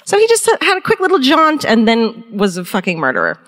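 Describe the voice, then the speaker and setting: A woman's voice: a little high, wildly swooping pitch, fairly quick, fairly bright tone. A woman co-hosting a live podcast, retelling a true-crime case in a joking, profane way. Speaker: podcast co-host. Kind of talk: comedic true-crime storytelling. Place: live on a theatre stage. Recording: live theatre with long reverb.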